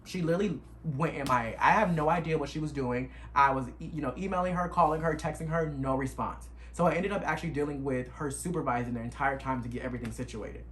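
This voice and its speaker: A young man, retelling a stressful road trip in an animated, emotional storytime vlog. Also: a little high, fast, a little hiss or hum. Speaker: vlogger. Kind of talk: casual storytime.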